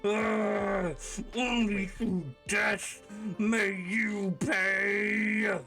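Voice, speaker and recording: Man doing a giant vengeful metal construct, raised pitch, slow and booming. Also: little pitch movement, bright, forceful tone, soft background music, exaggerated voice. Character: massive tormented male metal construct, vengeful.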